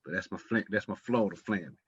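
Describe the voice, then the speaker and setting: A man's voice: sits low, very fast, fairly bright tone, breathy edge, dry recording. A man co-hosting a podcast in casual chat, laid-back and heartfelt. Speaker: podcast co-host. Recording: dull, muffled mic.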